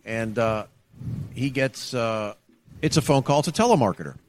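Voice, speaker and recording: A man from Florida, co-hosting a podcast and telling a story in a casual, animated way, acting out the voices he quotes. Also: mid-range voice, moderate pace, a little hiss or hum. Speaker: podcast co-host.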